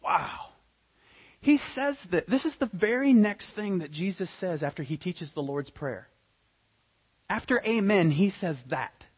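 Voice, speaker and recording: A man preaching a sermon, dramatic, swinging between loud emphatic points and quiet hushed asides. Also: sits high, animated, unhurried, breathy edge, lo-fi sound. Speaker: pastor.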